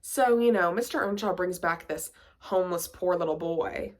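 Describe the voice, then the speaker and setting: A woman's voice: lowish voice, normal speed, few pauses. A woman giving a casual vlog book review, chatty and full of "like" and playful sarcastic asides.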